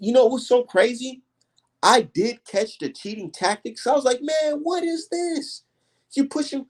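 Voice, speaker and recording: Animated man ranting on a livestream. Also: mid-range voice. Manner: emphatic, profane, animated storytelling. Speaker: livestream host. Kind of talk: casual livestream rant.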